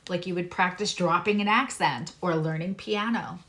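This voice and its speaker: Woman, astrologer and tarot reader, from Long Island, slightly low voice, emphatic, repetitive, chatty. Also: moderate pace, fairly bright tone. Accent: neutral American, former Long Island accent dropped. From Long Island, New York. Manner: emphatic, repeats key phrases, chatty asides. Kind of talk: casual tarot reading talk.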